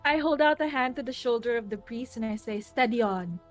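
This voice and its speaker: A woman's voice: on the high side, quick pace, soft background music. A woman playing a tabletop game in a playful way. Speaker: player.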